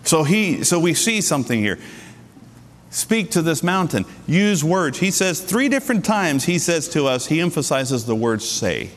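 A middle-aged man preaches a sermon in a church hall, his voice sitting a little high for a man. He leans on key words, slowing down and leaping up in pitch for emphasis. A long reverb trails behind him in the room. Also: very animated. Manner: emphatic preaching with sudden pitch jumps and slowed stresses. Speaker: pastor.

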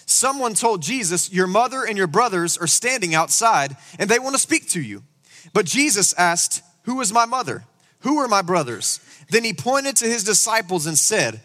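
A man preaching a sermon in a church, animated and full of rhetorical questions. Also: high-pitched. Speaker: pastor. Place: church sanctuary. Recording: long hall reverb.

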